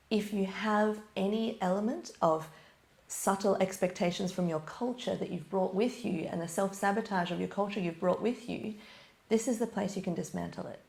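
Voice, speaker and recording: A woman, a public speaking coach, talking in an animated way as a podcast guest and acting out examples. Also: medium pitch, vocal fry. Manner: animated, acts out examples in different voices. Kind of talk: podcast conversation.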